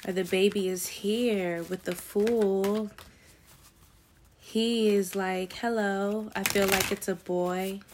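A woman giving a casual tarot reading to her viewers, chatty and slangy with excited asides. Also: medium pitch, slow pace, slight background noise. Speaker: tarot reader.

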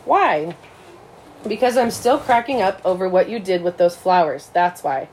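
A woman's voice: fairly low pitch, normal speed, a little mellow, a little hiss or hum, lightly acted, low-quality recording. A woman voicing a confident schoolgirl who speaks directly and kindly to a classmate. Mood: friendly.

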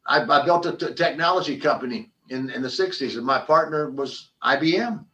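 An older man tells stories in an animated interview, stumbling over restarts and repeated words. His voice sits a little high for a man. He sounds slightly distant from the microphone. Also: brisk, lo-fi sound. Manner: animated storyteller, frequent restarts and repetitions. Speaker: podcast guest, former football player and business founder. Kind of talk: conversational interview storytelling.

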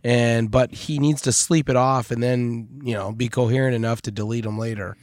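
A man's voice: medium pitch, fairly even intonation, moderate pace, darkish tone, dry recording, clean studio sound. Teasing man on a podcast. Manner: teasing, joking. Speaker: podcast co-host. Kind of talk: casual chat.

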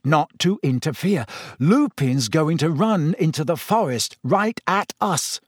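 Brief: male narrator playing a restless teen wizard, quiet and pressing, slightly raised voice, dry read. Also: on the high side, lively intonation, unhurried, breathy edge, no room sound, voice pushed up. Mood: urgent. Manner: quiet, urgent pleading. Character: determined teenage boy wizard.

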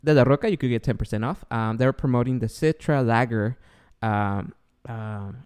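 Guatemalan-accented male host, thirties, smooth resonant voice, animated storyteller. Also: mid-range voice, moderate pace. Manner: animated, acts out voices in anecdotes. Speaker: podcast host. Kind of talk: casual podcast chat.

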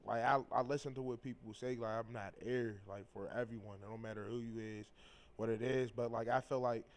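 A man with an ordinary mid-pitched voice speaks slowly in a casual podcast conversation. He hesitates and gropes for words, laying out his view one tentative step at a time. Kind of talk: casual chat.

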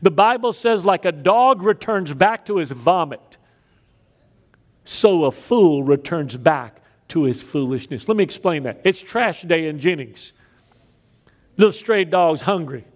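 A man preaching a sermon, telling stories with big swings between loud raised lines and quiet emphatic drops. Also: on the high side, expressive, unhurried. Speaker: pastor.

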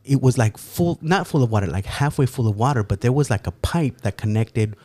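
A man casually telling a story, animated and profane, with lots of fillers. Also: mid-range voice, brisk, no room sound. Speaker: storyteller guest. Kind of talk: casual chat, anecdote.

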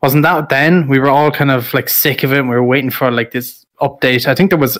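A man's voice: medium pitch, steady tone, a little fast, fairly bright tone. A man who makes videos, in casual chat, thinking aloud and unsure of details. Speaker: content creator.

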